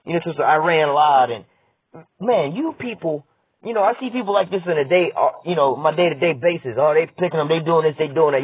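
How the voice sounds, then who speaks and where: A political commentator launches into a heated, profane rant, reading news lines aloud and arguing back at them. His voice is on the high side and husky, with no room sound, and the audio is dry and tinny, like a phone.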